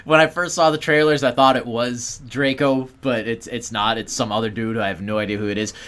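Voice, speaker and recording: A man's voice: mid-range voice, steady tone, brisk, fairly bright tone, clean tone. A man co-hosting a casual podcast, explaining a movie at length and swearing casually. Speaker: podcast co-host. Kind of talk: casual movie review chat.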